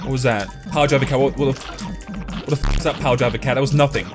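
A man's voice: mid-range voice, fast talker, over music. A young man giving gameplay commentary, ranting, swearing and joking about his losses. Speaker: game commentator.

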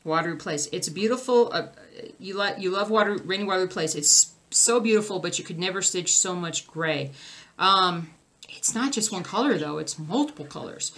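A woman's voice: lowish voice, animated, normal speed, fairly bright tone. A young adult woman, a cross stitch vlogger, chatting casually and rambling as she answers viewer comments. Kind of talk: casual livestream chat reading comments.

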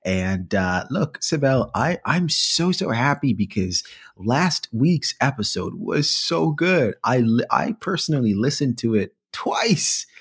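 A man co-hosting a casual comedy podcast, playful and quick to laugh, with bursts of mock indignation. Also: medium pitch, sing-song, slightly rough. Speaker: podcast co-host.

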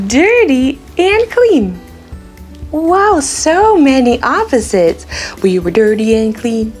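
A woman hosting a children's learning show, teaching toddlers in a cheerful, repetitive sing-song way during toy play. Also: fairly high pitch.

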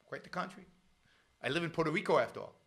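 A middle-aged man hosting a show, talking in a sarcastic, animated commentary with frequent restarts. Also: a little high, racing, gravelly. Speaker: show host. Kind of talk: casual commentary monologue.

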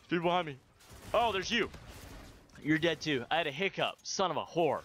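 A man commentating his own shooter gameplay, swearing and yelling outbursts at opponents. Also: a little high, expressive, normal speed. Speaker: gaming video host.

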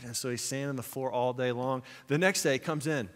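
A man preaching a sermon as pastor, telling a movie story with animated quoted lines before turning it into a spiritual point. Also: mid-range voice, brisk, few pauses, long reverb tail. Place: church sanctuary.

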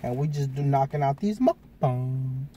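A man's voice: mid-range voice, lively intonation, measured pace, warm tone, lo-fi sound, a little hiss or hum. A man hosting a casual food review mukbang, talking in slangy, hyped greetings to his viewers.

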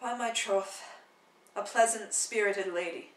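A woman's voice: medium pitch, measured pace, reverberant, distant mic, natural voice, poor audio. A woman voicing a courtly, genial prince who plays matchmaker, speaking in a lordly, persuasive way in a play reading.

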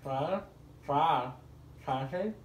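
A man's voice: fairly high pitch, drawn-out words, dull audio. A young man vlogging a party game, laughing and talking garbled through a plastic mouthpiece. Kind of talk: casual chat, party game. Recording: echoey room, far from mic, noisy.

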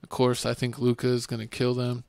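A man's voice: medium pitch, completely flat delivery, a little fast, gravelly, a little mellow, no echo. A man hosting a casual sports podcast, joking bluntly and trash-talking teams. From Texas. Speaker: podcast host. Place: home studio podcast.

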